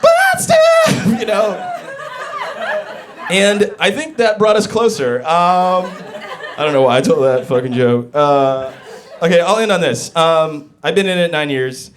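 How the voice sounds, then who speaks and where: A man's voice: fairly high pitch, normal speed. A man doing a live stand-up set in a studio session, rambling and interrupting himself with fillers and asides. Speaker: stand-up comedian. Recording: live crowd laughter.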